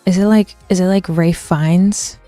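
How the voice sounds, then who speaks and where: A woman's voice: fairly low pitch, steady tone, a little slow, warm tone, no echo, faint music behind. A young woman streaming, rambling through a casual linguistics rant with lots of fillers and restarts while answering chat.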